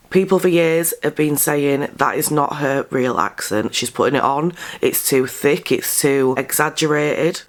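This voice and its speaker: An English woman giving blunt, sarcastic commentary as a vlogger, stressing words with sudden high jumps. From England. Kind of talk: casual commentary monologue.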